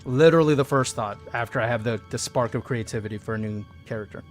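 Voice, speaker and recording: A man's voice: medium pitch, fast, soft background music. A man streaming a game, joking around playfully and reading out viewer messages. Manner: playful, jokey, reads chat aloud. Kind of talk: casual gaming stream chat.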